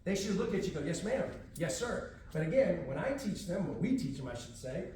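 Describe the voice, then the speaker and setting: A high-voiced man teaches a martial arts class in a firm, drill-like way. He is from Houston and commands the children with short orders. The sound is roomy and distant, as if picked up by a far-off camera in a large echoing room. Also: big pitch swings, fast talker, mellow, slight background noise. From Houston, Texas. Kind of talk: teaching a class to kids and parents. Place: library room, echoey.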